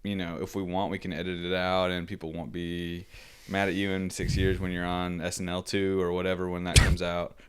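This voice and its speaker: A man co-hosting a comedy podcast, riffing on ideas in a wry, deadpan way. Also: sits low, fairly quick, smooth. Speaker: podcast co-host. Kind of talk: casual comedic chat.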